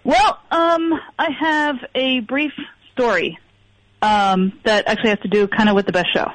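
A woman's voice: fairly high pitch, fairly even intonation, moderate pace, no room sound, poor audio. A woman calling in to a radio show, hesitant and apologetic, with lots of ums. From Pennsylvania, US. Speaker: caller. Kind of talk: phone-in chat.

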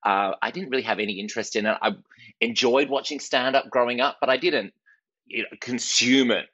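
A man's voice: medium pitch, a bit bright, no echo, muffled recording. A thirty-year-old Australian man, a comedian telling self-mocking stories in a casual interview. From Western Australia. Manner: quick, self-mocking storyteller who acts out quotes. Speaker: comedian guest.

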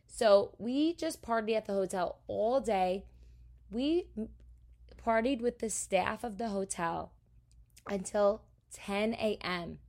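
A woman from New Jersey, a podcast host, telling a story in a casual, animated, profane way. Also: on the high side, takes it slowly.

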